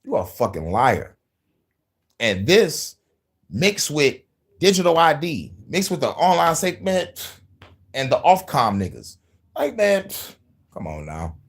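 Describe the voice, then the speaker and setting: A man's voice: fairly low pitch, breathy edge. A man hosting, ranting in a profane, casual commentary style, often laughing as he talks. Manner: animated, laughing, cursing. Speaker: host.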